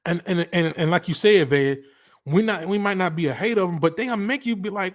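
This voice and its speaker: A man from Alabama with a Southern accent, hosting a casual livestream and ranting about college football in a rambling, animated way full of slang. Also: on the high side, quick pace. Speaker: livestream host.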